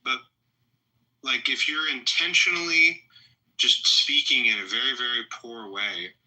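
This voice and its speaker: A man's voice: mid-range voice, unhurried, sharp tone, low-quality recording. A man in an online chat room, dismissive and mocking of the people he argues with. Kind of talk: casual heated chat.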